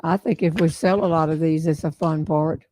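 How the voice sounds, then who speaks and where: A woman's voice: deep voice, steady tone, moderate pace, darkish tone, a little hiss or hum. An older woman with a Southern American accent, chatting folksily with viewers as host of a casual livestream. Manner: folksy, chatty storyteller, laughs often.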